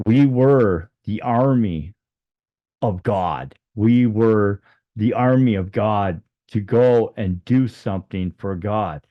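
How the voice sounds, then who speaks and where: A man's voice: on the low side, no room sound, highs cut off. A man telling a personal story in a rambling way, full of fillers and restarts. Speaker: near-death experience storyteller.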